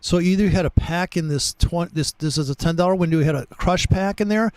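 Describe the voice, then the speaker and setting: A man's voice: sits high, fast, a little mellow, clear, resonant tone, no room sound, rough recording. A man hosting a casual trading chat, rambling through stories and swearing freely as he talks over charts. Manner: rambling, profane, storytelling. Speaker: trading show host.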